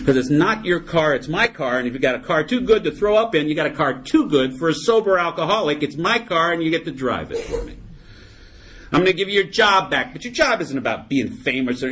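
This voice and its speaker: A man's voice: a little high, a bit bright, slightly rough, voice pushed up, exaggerated voice. A man voicing God as a shrewd, matter-of-fact male figure who teases as he lays down a deal in a told story. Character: male God, shrewd and firm, then generous.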